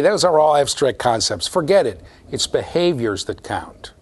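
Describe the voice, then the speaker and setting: A man giving a university lecture, animated, often checking in with the students and repeating his words. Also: medium pitch, normal speed, few pauses, slightly rough. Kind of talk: classroom lecture.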